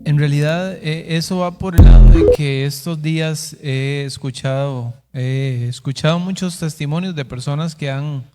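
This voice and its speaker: Mellow Costa Rican pastor. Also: male voice, a little high, moderate pace, hardly any pauses, faint music behind. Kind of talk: sermon.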